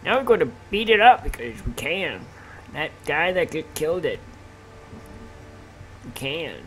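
A man commentating on his own gameplay, excitable and often blurting out exclamations. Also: a little high, a little slow, slight background noise. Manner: excitable, keeps exclaiming "oh snap". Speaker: gaming channel host. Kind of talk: let's play commentary.

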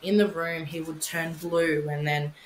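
A woman's voice: low voice, level tone, unhurried, reverberant, slight background noise, poor audio. A young woman telling her story in casual podcast chat, candid, swearing freely, with many fillers. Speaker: podcast guest, bereaved mother.

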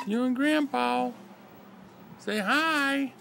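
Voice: mid-range voice, sing-song, a little slow, creaky. A bird owner making a casual home video, coaxing pet parrots in a repetitive sing-song voice. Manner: coaxing, sing-song, repeats the birds' names. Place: home with caged birds.

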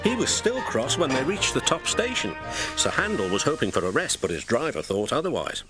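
A British man narrating a children's storybook in an expressive, gentle storytelling manner. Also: medium pitch, fairly quick. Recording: narration with music behind.

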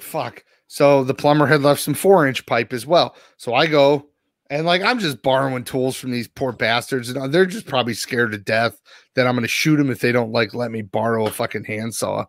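A man's voice: mid-range voice, moderate pace, dry recording, clean studio sound. A man co-hosting a podcast, telling a long story and swearing constantly. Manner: swears constantly, animated retelling. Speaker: podcast co-host. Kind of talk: casual profane storytelling.

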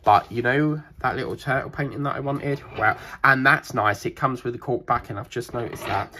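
A man with a British accent, chatting casually as he unboxes crafting kits for his channel, rambling and getting excited. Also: medium pitch, moderate pace, a little hiss or hum. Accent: British English.

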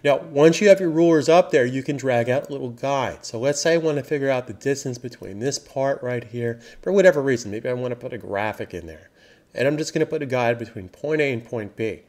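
A man teaching web design software, narrating a screen recording in an upbeat, emphatic way and repeating key phrases. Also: medium pitch, fairly quick. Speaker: software trainer.

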